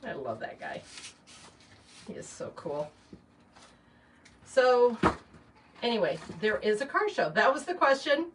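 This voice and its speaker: This woman's fairly high voice swoops wildly in pitch, and she keeps a measured pace with frequent pauses. Middle-aged and hosting a live chat from her shop, she arranges flowers while rambling casually with lots of fillers and asides. Recorded indoors in a small shop or home workspace on a distant mic, with faint noise behind her.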